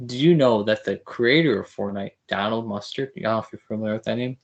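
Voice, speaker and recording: A man with a fairly low-pitched voice talks fast as he hosts a casual podcast interview, teasing his guest and chatting loosely with repeated fillers. The audio sounds dull.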